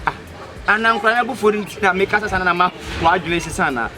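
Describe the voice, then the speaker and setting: A man's voice: high-pitched, fast talker. A Ghanaian man with a Twi accent in a comedy skit, pleading and stammering with many repetitions. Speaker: comedy skit actor, fake motor rider.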